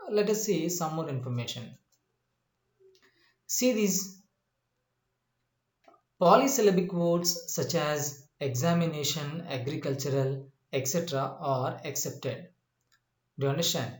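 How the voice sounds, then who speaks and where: Slow, deliberate man teaching English. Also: on the high side, expressive. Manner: slow and deliberate, repeats points, many "uh" and "you know" pauses. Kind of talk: slide-based lesson. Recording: echoey room.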